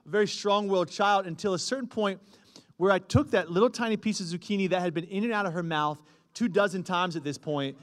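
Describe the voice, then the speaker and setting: A pastor in his thirties telling a funny family story in a sermon to his congregation, animated and self-mocking. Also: high voice, brisk. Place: church stage before a congregation. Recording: long reverb of a large hall.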